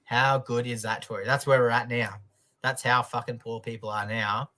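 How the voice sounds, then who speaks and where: A man's voice: medium pitch, flat delivery, moderate pace, sharp tone. A man with an Australian accent, co-hosting a news comedy livestream in casual chat, joking and swearing freely.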